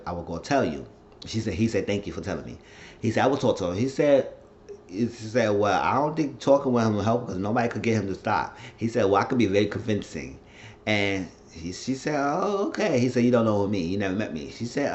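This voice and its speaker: Profane, excitable man recapping a show. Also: on the low side, a little hiss or hum. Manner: retells scenes in quotes, profane asides, excitable. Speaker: TV episode recapper. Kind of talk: casual TV episode recap. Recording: dull lo-fi recording.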